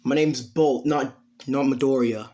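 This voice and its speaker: A man doing a cocky, calm teen boy hero. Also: medium pitch, measured pace, lightly acted. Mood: cool.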